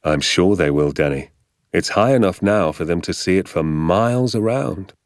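A man voicing a calm, patient storybook father. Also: deep voice, moderate pace, no echo, clean studio sound.

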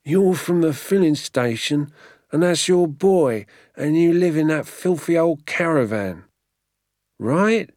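A hard, bony gamekeeper snarling threats in a raised, louder voice pitched well above the reader's own, as a male narrator puts him on. He sneers and drawls his words slowly, in a dry, close storybook recording. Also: expressive, no room sound. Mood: menacing. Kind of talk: audiobook character voice.

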